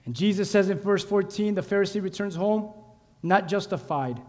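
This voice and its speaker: High-voiced animated preacher in a church. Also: male voice, normal speed, long reverb tail. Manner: animated, exhorting, calls out to the congregation. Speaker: pastor. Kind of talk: sermon. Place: church sanctuary.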